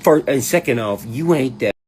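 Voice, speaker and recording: A man telling a rambling, profane story to his audience, mocking others in high put-on voices and laughing often. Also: animated, normal speed, noisy background. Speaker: online commentator ranting to his audience. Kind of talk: casual profane rant.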